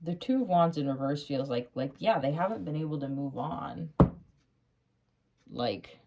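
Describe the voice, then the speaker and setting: A woman with a fairly low voice talks through a tarot spread in a loose, casual way. She gets excited and laughs often, with casual swearing. She calls the listener honey and drops to a soft hush when she gives advice. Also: unhurried, very noisy. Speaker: tarot reader.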